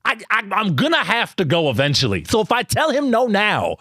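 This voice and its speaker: A male stand-up comedian telling a story in an animated, incredulous way, often tripping over quick restarts. His voice sits fairly high and swings widely in pitch. The sound is dry and close. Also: dry recording.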